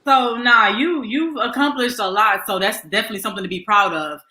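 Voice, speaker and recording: A woman's voice: on the high side, fairly quick, echoey room, noisy background. A woman interview host with a Houston Southern accent, chatty and encouraging with her guest. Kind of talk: casual interview chat.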